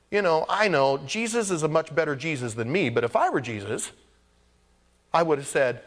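Man, pastor, sermon, animated preaching, loud bursts and soft asides, long church-hall reverb. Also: a little high, normal speed. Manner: animated preaching, swinging between loud exclamations and hushed asides.

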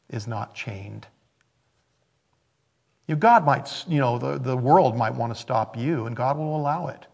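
A male pastor delivers a sermon in a gravelly, fry-laced voice at a middle pitch. He preaches conversationally, surging into loud, emphatic bursts before dropping to hushed, near-whispered asides.

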